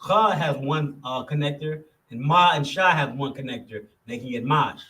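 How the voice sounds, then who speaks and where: A man teaching a class, working slowly and methodically through words syllable by syllable and repeating each one. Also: medium pitch, sharp tone, a little hiss or hum. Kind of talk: classroom lesson.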